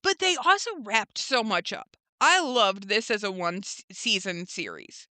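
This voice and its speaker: A woman's voice: medium pitch, big pitch swings, measured pace, pushed and bright, dry recording. A young woman co-hosting a podcast, recapping a TV episode in casual chat and acting out the characters' lines with lots of "like" and "um.". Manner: retells scenes by voicing the characters, lots of "like" and "um". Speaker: podcast co-host.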